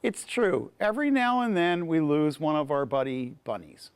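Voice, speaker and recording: A man's voice: on the high side, moderate pace, clear, resonant tone, no echo, natural voice. A man voicing a fat, complacent older male rabbit who shrugs off danger. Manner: lazy, dismissive.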